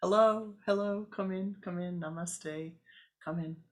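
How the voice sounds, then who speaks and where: A woman voicing a gentle, smiling male yoga teacher who repeats himself softly. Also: on the high side, measured pace, voice pushed up. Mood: welcoming.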